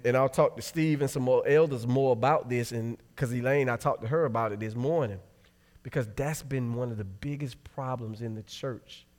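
A man preaching a sermon, reading Scripture aloud and breaking off to explain it, shifting from loud exclamations to quiet asides. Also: mid-range voice. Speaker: pastor. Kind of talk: sermon Bible teaching.

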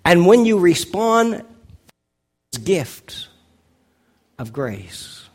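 A man preaching a sermon as a pastor, telling a story with lively emphasis. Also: very slow. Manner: storytelling preacher, rises in pitch and volume for dialogue.

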